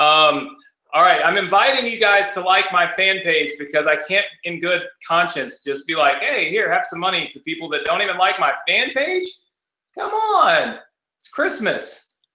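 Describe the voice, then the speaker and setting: Fast-talking man in a roomy echo. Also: on the high side, bright, forceful tone. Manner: fast, rapid-fire like an auctioneer. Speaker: host of a live cash giveaway. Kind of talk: live-streamed webinar talk.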